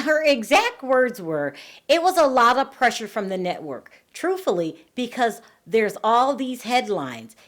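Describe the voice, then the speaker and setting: A woman hosting a celebrity gossip commentary, sarcastic and indignant, often exclaiming at what she reads out. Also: a little high. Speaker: reality TV commentary host.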